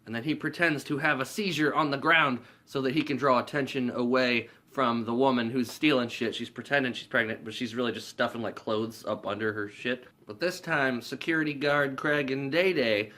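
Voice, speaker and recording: Male reviewer, bright tense tone, rambling profane plot recap. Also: medium pitch, steady tone, moderate pace, hardly any pauses. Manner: rambling, laughs often, profane. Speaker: movie reviewer. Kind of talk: casual spoiler recap.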